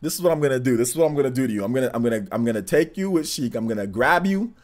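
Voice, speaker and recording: Hyped young male streamer, lively pitch. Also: racing. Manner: hyped, elevated presentation voice, trash-talking. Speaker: livestream host. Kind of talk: casual live stream chat, reading chat.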